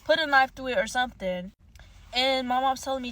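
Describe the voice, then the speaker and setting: A woman's voice: fairly high pitch, a little fast, a bit bright. A young woman telling a storytime monologue, heated, profane and rambling.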